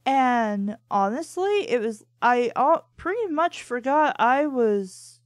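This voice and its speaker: A woman chats casually as a co-host, spinning a rambling story full of "I'm like" and restarts. Her voice sits a touch high and sounds dry and close, with no room ring around it. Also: lively intonation, takes it slowly, dry recording. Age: adult. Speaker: podcast co-host. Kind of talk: casual chat, anecdotal storytelling.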